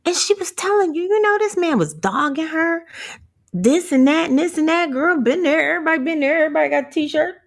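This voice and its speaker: Lively, sassy woman with a gravelly edge. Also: high-pitched, fairly quick. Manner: animated, frequent laughter, profane and sassy. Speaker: vlogger. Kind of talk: candid empowerment vlog.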